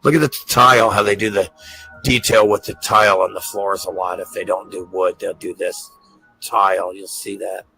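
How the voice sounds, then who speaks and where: A man with a low, gravelly voice and a bright, forceful edge gushes over pictures. He repeats his praise again and again and stumbles on his words. Soft music plays behind him. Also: fairly even intonation, moderate pace, poor audio. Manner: gushing, repeats himself, stammers. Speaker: host. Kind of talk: excited commentary over pictures.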